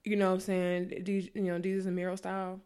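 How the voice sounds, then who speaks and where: A woman's voice: lowish voice, quick pace, clean tone. A woman co-hosting a casual chat, telling dating stories with lots of profanity and acting out the other people's lines. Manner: animated, profane, acts out quotes in a raised voice.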